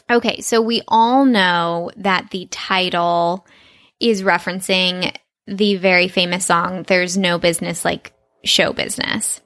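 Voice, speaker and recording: A woman's voice: mid-range voice, fairly bright tone, no room sound. A woman co-hosting a podcast, chatting playfully about a cartoon episode and laughing easily. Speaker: podcast co-host.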